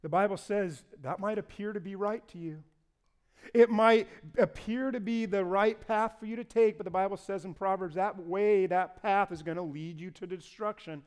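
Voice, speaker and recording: A man preaching a sermon in an animated way, asking his listeners to repeat key words back to him. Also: sits high, normal speed, clear, resonant tone. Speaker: pastor.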